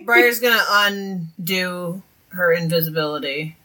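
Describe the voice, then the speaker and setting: An excitable, giggly woman playing a tabletop role-playing game. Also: fairly low pitch, a little slow. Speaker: player.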